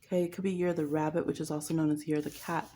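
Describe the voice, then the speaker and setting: A woman's voice: low-pitched, level tone, very fast, dark tone, a little hiss or hum. A woman giving a casual pick-a-card tarot reading, chatty and playful, laughing often and mocking people with quoted voices. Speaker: tarot reader.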